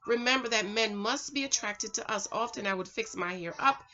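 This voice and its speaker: Speaking fairly quickly in a fairly high pitch, a middle-aged woman delivers preachy dating tips from her home. It's a casual vlog chat, and she addresses the viewer head-on in a lively, talkative, moralizing way.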